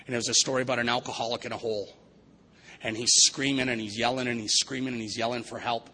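Brief: a man with a bright voice giving an earnest, evangelical-style recovery talk. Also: mid-range voice, steady tone, fast talker, a little hiss or hum, low-quality recording. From Vancouver area, Canada. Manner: earnest, preacherly, repetitive. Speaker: recovery meeting speaker. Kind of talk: recovery testimony speech.

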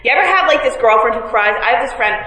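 A woman candidly tells a meeting group about her recovery, full of self-mocking humor, fillers and restarts. Her voice is on the high side, bright and forceful, expressive and racing, recorded in an echoey hall with faint noise.

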